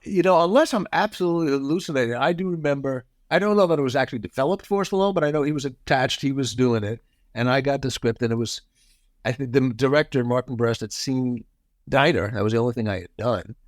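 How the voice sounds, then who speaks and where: A man in his sixties telling show-business anecdotes as a guest, animated and often acting out quotes. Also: mid-range voice, fast talker, dry recording, studio quality. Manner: lively storyteller, acts out quotes.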